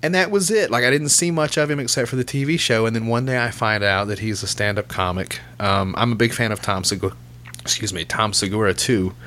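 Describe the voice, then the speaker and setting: A man's voice: on the low side, a little fast, a bit bright, a little hiss or hum. Laid-back, cussing male podcast host. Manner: loose and profane, laughs while telling stories. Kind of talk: casual chat.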